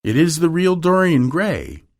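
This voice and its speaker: A cool, witty gentleman, as a male reader puts him on, assured and casual. The reader lifts his pitch for the role and keeps it lively. He speaks slowly. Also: exaggerated voice.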